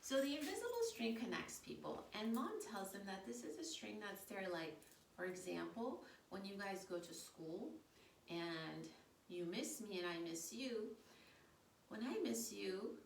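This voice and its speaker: A woman, a kids' yoga teacher and storyteller, leads a children's yoga storytime, guiding a child through poses in an encouraging, playful, upbeat way. Her medium-pitched voice is animated, unhurried and gravelly. The room is echoey, the mic distant, with faint background noise.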